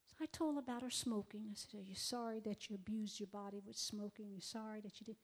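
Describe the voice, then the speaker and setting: A middle-aged woman giving an emotional testimony in a sermon, swinging from loud outbursts to hushed whispers and speaking directly to her listeners. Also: medium pitch, steady tone, fast talker. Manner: repeats herself, addresses the audience directly.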